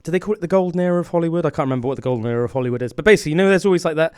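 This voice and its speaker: A podcast co-host chats casually and rambles, full of fillers and restarts, talking very fast. His voice is on the high side, darkish, clear and resonant, recorded in a clean studio with no room sound.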